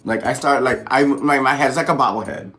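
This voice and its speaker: A man talking with a friend over a meal, telling stories in a relaxed, drawn-out way. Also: medium pitch, soft background music. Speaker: guest, friend of host. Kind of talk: casual chat over a meal.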